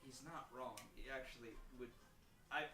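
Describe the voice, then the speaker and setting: A man voicing a weary traveling adventurer in a low, hesitant, grumbling voice, in a roomy space far from the mic. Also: normal speed, sharp tone, slight background noise, close to an everyday voice. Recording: roomy room, distant mic.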